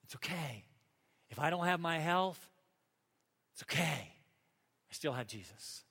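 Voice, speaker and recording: A high-pitched male pastor delivering a sermon with earnest conviction, swinging between emphatic peaks and hushed asides. His voice carries a long hall reverb. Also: lively intonation, unhurried, slightly rough. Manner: earnest preaching, rising to emphatic peaks and dropping to soft asides.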